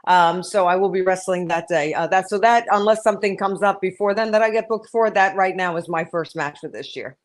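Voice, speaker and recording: A woman's voice: mid-range voice, fairly quick, hardly any pauses. A woman who is a pro wrestler, speaking earnestly and in detail as a guest in a casual interview.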